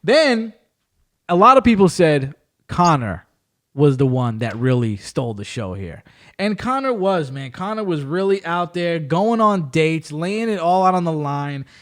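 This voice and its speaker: Animated, laughing podcast host. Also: male voice, a little high, a little slow. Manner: animated storytelling, acts out quotes, laughs often. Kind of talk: casual chat.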